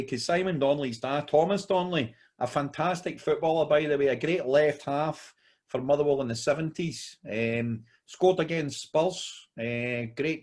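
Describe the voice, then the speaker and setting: A man's voice: a little high, a little mellow. A Scottish man co-hosting a podcast, rambling through a long story in casual chat and calling his friend mate. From Scotland. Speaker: podcast co-host.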